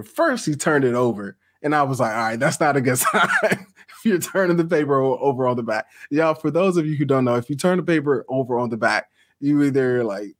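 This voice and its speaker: A middle-aged man hosting a podcast, telling stories casually and laughing often as he talks to his audience. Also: mid-range voice. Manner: storytelling, laughs often, addresses audience as y'all. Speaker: podcast host and author. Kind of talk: casual livestream chat.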